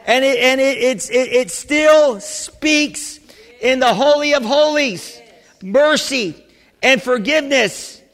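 A pastor preaching a sermon with fervent energy, often rising into shouts and restarting his sentences. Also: very high voice, takes it slowly. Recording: church hall with long reverb.

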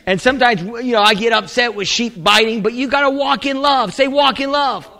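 A man preaching a sermon as a pastor, telling a rambling story with laughs, asides and sudden shouted exclamations. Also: very high-pitched, a little fast, gravelly. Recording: long reverb in a large hall.

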